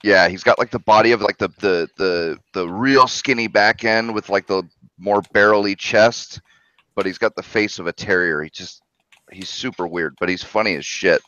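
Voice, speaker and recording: A man's voice: lowish voice, normal speed, bright, forceful tone, clean tone, dry recording. A man chatting on a podcast, laid-back and swearing casually. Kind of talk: casual chat. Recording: dry, dull lo-fi sound.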